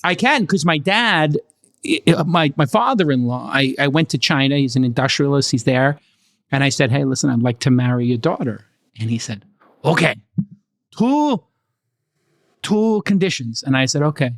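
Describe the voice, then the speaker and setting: A man's voice: medium pitch, brisk, fairly bright tone, no room sound, studio quality. A middle-aged man co-hosting a podcast, telling stories in casual chat and teasing his guest. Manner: storytelling, teasing, gets laughing. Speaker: podcast co-host.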